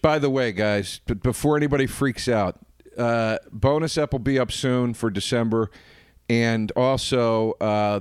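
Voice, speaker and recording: A man's voice: medium pitch, smooth, no room sound, clean studio sound. A man co-hosting a podcast in casual chat, telling stories animatedly and swearing with exasperation. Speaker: podcast co-host.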